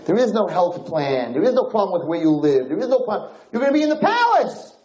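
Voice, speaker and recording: A man's voice: on the high side, sing-song, brisk, dark tone, roomy sound, muffled recording, voice pushed up. A man voicing a grieving king who pleads emotionally with his lost son. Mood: pleading.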